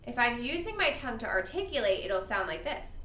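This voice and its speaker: A woman's voice: a little high, very animated, a little fast, bright, forceful tone, recorded from a distance. A woman teaching a beginner saxophone lesson. She counts, models each step and has students echo after her, with patient, encouraging praise. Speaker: music teacher.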